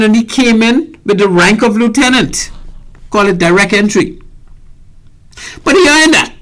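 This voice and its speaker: A man's voice: high-pitched, a bit bright. An older man with a Bahamian accent hosting a radio talk show, speaking emphatically and often repeating words as he gathers his thoughts. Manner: emphatic, repeats words while searching, indignant.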